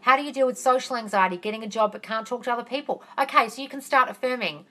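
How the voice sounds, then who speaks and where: Woman doing a live q&a, bright voice, chatty and reassuring, calls everyone darling. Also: on the high side, fast, few pauses. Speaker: manifesting coach hosting a live Q&A. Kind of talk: casual live-stream Q&A, reading viewer questions.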